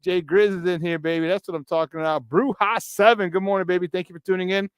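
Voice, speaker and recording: A man with a Chicago accent hosts a morning sports talk show with a hyped, slangy, playful delivery. His voice sits fairly high and sounds smooth and clear. The sound is dry and close. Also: steady tone, quick pace, dry recording.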